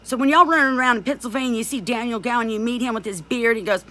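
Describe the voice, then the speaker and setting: A woman's voice: a little high, rapid-fire, hardly any pauses, fairly bright tone. A middle-aged woman speaking out in a vlog, talking in an angry, accusing and emphatic way. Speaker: abuse survivor speaking out. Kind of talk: direct-to-camera vlog rant.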